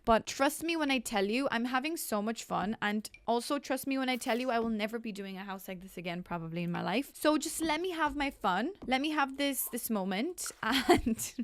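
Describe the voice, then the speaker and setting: A woman's voice: mid-range voice, no room sound. A young woman giving casual, rambling gameplay commentary while building, full of chatty self-deprecating asides. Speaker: game builder.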